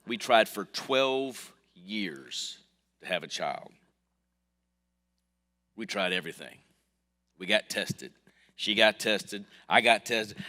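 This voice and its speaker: A man preaching a sermon as pastor, telling a personal story with his voice swinging from soft to loud. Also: on the low side. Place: church sanctuary. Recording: long hall reverb.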